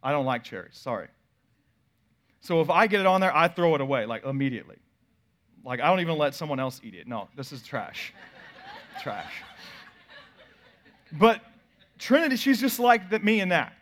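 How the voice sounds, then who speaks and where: Male pastor, thirties, higher voice, animated sermon storytelling, loud-to-soft swings. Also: fairly quick, long pauses.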